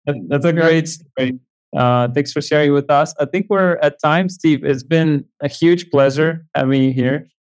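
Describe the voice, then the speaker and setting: A man hosting a podcast interview, speaking in a hesitant, halting way. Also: on the high side. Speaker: host. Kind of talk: casual interview chat.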